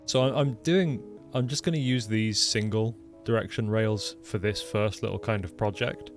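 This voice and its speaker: A man's voice: on the low side, normal speed, faint music behind. An English man with a mixed, mostly Lincolnshire accent, chatting loosely as he streams a game, full of ums and restarts. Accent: mixed English, mainly Lincolnshire. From England. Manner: rambling, self-deprecating, frequent ums and restarts. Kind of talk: casual livestream chat while playing. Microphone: desktop microphone.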